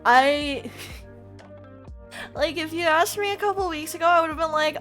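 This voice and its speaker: A woman's voice: extremely high pitch, measured pace, long pauses, a bit bright, soft background music. A woman streamer chatting live to her viewers, anxious and close to tears, rambling and laughing nervously. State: on the verge of tears. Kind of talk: casual live-stream chat.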